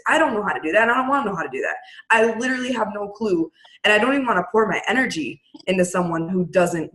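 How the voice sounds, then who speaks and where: A woman leading her team on a video call, talking bluntly and briskly and acting out what people said. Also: mid-range voice, fairly bright tone, poor audio. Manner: blunt, brisk, acts out quotes. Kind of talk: casual pep-talk on a video call.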